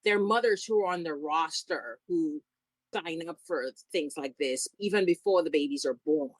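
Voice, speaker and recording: A woman's voice: deep voice, moderate pace, no room sound. A woman co-hosting a rewatch podcast, laughing along and adding blunt, knowing asides in casual chat. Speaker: podcast co-host.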